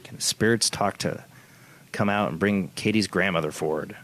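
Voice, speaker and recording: A man's voice: sits low, normal speed, noisy background. An American man hosting a call-in show, friendly and laughing often, stammering as he starts his sentences. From United States. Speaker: host of a call-in spirit-box show. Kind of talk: casual live-stream chat.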